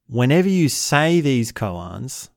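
A man teaching in a slow, reflective way, often repeating short example phrases. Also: mid-range voice, very animated, gravelly, darkish tone, no echo, studio quality. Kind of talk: spoken teaching talk.

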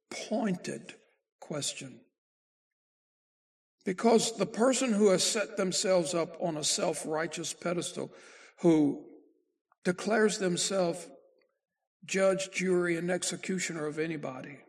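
A male pastor delivers a sermon at an unhurried, deliberate pace. His voice is pitched high for a man, with a gravelly, husky grain, and he lets his volume rise for emphasis before dropping low and quiet. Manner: slow deliberate preaching, swells and drops in volume.

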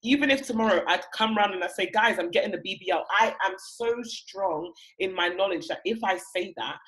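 Young woman laughing her way thru a chatty podcast, mid pitch, keeps repeating herself. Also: big pitch swings, fairly quick, a bit bright, low-quality recording. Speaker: podcast co-host. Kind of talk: casual chat.

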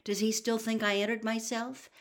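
A woman's voice: a little high, little pitch movement, normal speed, pitched above the performer's own voice, lightly acted. Harry, a woman reading a bitter, indignant schoolboy. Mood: suspicious. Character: frustrated, bitter teenage boy. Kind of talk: audiobook character reading.

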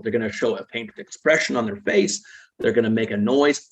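A man's voice: mid-range voice, fairly quick. A man, a psychologist guest, explaining ideas patiently in an interview and often checking in with tag questions. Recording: dull lo-fi recording.

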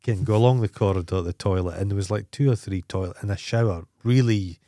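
A man's voice: fairly low pitch, fast talker, dark tone, dry recording. Scottish guy on a podcast, blunt crude yarns, dead dry mic. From Scotland. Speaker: podcast co-host. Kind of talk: casual chat.

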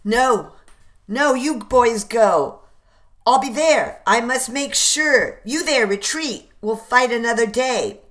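A brave, selfless male soldier urging his comrades to retreat without him, played by a woman reader. The voice sits noticeably higher and louder than the narration, and the words come slow and insistent. It has the feel of a spoken war story. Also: expressive. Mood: urgent. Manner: urgent, insistent.

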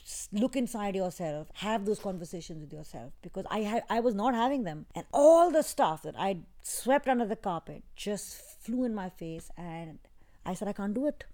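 A woman as an interview guest, talking in a soft, halting, reflective way with many restarts. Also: mid-range voice, expressive. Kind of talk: emotional personal interview. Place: in England.

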